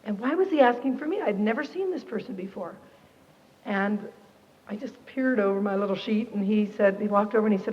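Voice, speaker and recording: A woman giving a personal testimony to a Christian camp audience, expressive and animated, acting out the people in her story. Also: mid-range voice, brisk, long pauses. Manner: animated, expressive, quotes herself and others. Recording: dull lo-fi archive tape, reverberant hall.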